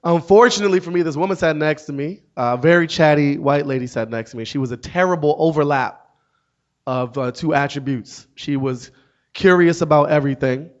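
Wry deadpan comedian telling a story. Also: male voice, fairly high pitch, brisk. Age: 30s. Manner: wry, dry deadpan asides. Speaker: comedian and author. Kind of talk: stand-up storytelling to an audience. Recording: dull lo-fi sound.

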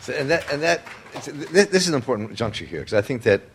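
A man's voice: mid-range voice, lively intonation, fast, slight background noise. A man interviewing a guest, thoughtful and restarting his questions as he frames them. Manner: thoughtful, rephrases questions mid-sentence. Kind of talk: conversational interview.

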